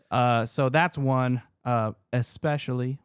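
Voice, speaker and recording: A man's voice: fairly low pitch, moderate pace, clear, resonant tone, no room sound. Dry-sounding male podcast co-host. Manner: animated, laughs at his own rants; fussy about pronunciation. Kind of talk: casual chat.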